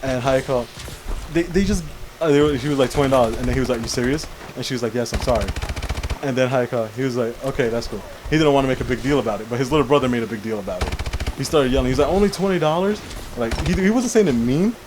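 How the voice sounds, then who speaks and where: A man's voice: medium pitch, racing, noisy background. A young man co-hosting a casual chat show, telling a long rambling story and often saying "how you call it". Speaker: podcast co-host.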